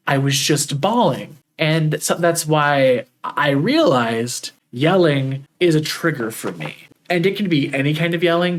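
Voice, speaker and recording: A man's voice: mid-range voice, a bit bright. A man hosting a solo podcast, talking earnestly and openly about family and emotions, with frequent restarts. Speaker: podcast host. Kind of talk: reflective solo podcast talk.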